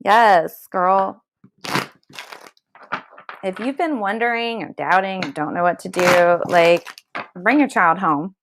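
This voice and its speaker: A woman reading tarot live, speaking straight at her viewers. She hands out tough love in a blunt, emphatic way, swears freely, and keeps asking "okay?" or "all right?" to make sure it lands. Her voice sits at an ordinary middle pitch. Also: slow, pauses often, background noise. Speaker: tarot card reader.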